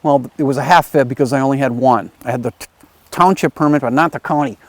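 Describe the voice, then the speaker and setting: A man with an ordinary mid-range voice teaches a class in easy, conversational storytelling. He slips into quick voices for the people in his tale. The sound is dry and close, with no room around it. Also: mid-range voice, dry recording. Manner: conversational, lively retelling with acted quotes. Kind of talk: storytelling lecture for a video class. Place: his home area in the countryside.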